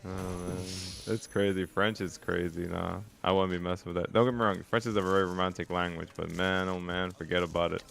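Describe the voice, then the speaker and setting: A man's voice: low voice, fairly even intonation, a little fast, creaky, few pauses, fairly bright tone. A man co-hosting a game stream, bantering easily and laughing often. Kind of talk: casual chat on a game stream.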